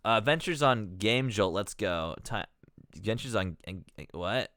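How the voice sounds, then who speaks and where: A man's voice: lowish voice, lively intonation, unhurried, a bit bright, no room sound. A man streaming live, swearing and ranting with exasperation, rambling and cutting himself off as he talks. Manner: rambling, self-interrupting.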